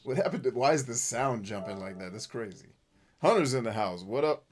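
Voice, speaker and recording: A man hosting casual gameplay commentary, joking crudely and yelling at characters on screen. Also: medium pitch, animated, fairly quick. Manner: crude, goofy joking, shouting at the game. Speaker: gaming channel host.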